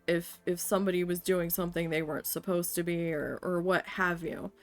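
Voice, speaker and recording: A woman's voice: on the low side, steady tone, brisk, soft background music. A woman streamer telling a story in casual chat while she plays, blunt and swearing often. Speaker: game streamer.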